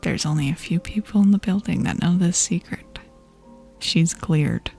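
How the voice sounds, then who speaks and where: A young woman streamer in a soft whispered role-play style, gossiping with her chat and laughing often, with faint music behind. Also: on the low side, moderate pace, gravelly, husky. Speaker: ASMR streamer.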